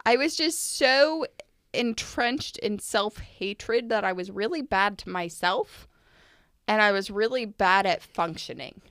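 A young adult woman co-hosting a casual podcast, talking in an earnest, reflective way and quick to laugh. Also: mid-range voice, animated, a bit bright, clean tone, no room sound, clean studio sound. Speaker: podcast co-host.

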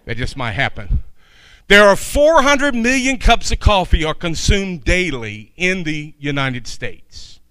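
Bright-voiced, chatty male preacher. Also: high-pitched, very animated, a little slow, clear, resonant tone, dry recording. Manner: folksy, chatty asides to the congregation. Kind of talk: sermon.

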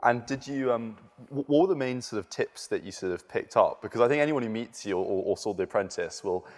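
A man's voice: mid-range voice, expressive, fairly quick. A man interviewing a guest, asking long questions hesitantly and repeating words. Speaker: student interviewer. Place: debating hall. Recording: long hall reverb.

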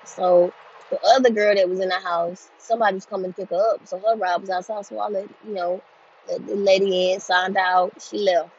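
A woman in her twenties telling a story in a casual monologue, blunt and animated, swearing freely. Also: mid-range voice, a little fast, slightly rough. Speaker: group home staff telling a story. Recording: dull lo-fi sound.

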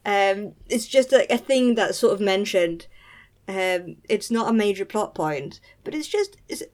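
A woman's voice: medium pitch, lively intonation, measured pace, darkish tone. A woman co-hosting a casual book discussion, chatty and full of fillers. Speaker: podcast co-host.

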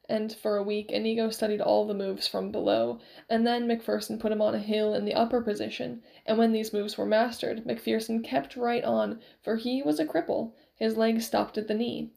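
A woman reading a novel aloud with expressive storytelling. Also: fairly high pitch, moderate pace, vocal fry, few pauses, rough recording. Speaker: reader.

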